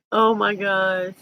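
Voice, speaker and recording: A woman's voice: medium pitch, muffled recording. Southern US woman, live stream host, chatty and folksy, laughs a lot, faint background noise. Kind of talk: casual live chat, reading viewer comments.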